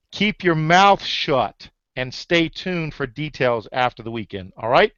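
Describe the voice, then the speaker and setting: A man's voice: on the high side, expressive, normal speed, a bit bright, dry recording. A man hosting an online group call, pushing listeners to act with upbeat rallying talk and many fillers. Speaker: host of an online leaders' hangout. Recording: dull lo-fi call audio.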